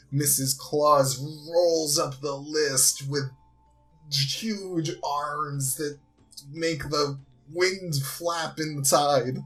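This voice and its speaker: Slow, lively male storyteller. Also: fairly high pitch. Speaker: podcast host. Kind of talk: improvised holiday storytelling.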